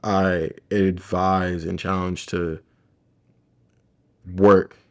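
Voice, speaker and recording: A man's voice: deep voice, little pitch movement, extremely slow. A man who works as a chiropractor, talking casually and reflectively in a rambling conversation about his experiences.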